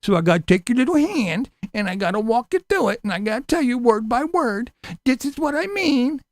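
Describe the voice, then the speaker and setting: Gravelly, sarcastic ranting man. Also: extremely high pitch, sing-song, fairly quick, dry recording, clean studio sound. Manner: profane, sarcastic, combative. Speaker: vlogger. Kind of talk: ranting monologue to camera.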